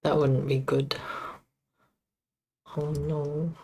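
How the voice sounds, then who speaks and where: A woman streaming as she debugs her game, muttering to herself in a halting, casual way. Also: sits low, level tone, darkish tone. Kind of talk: casual live-stream coding commentary.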